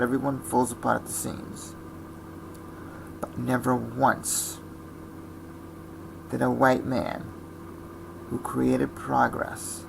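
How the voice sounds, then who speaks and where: A man's voice: medium pitch, gravelly, background noise. A man ranting in a blunt, scornful vlog monologue. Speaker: vlogger.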